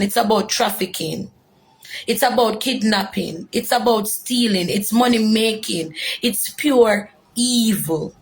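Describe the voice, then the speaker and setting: Woman, Jamaican accent, young adult, gravelly fry, emotional and earnest, testimony. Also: medium pitch. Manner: earnest, emotional, repeats for emphasis. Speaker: former detainee telling her story. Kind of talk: personal testimony.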